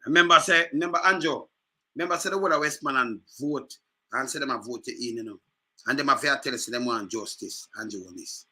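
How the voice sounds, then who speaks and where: A man's voice: mid-range voice, fast talker, sharp tone. An older man with a Jamaican accent delivering an impassioned political rant, fiery and repetitive, slipping into patois. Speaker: commentator.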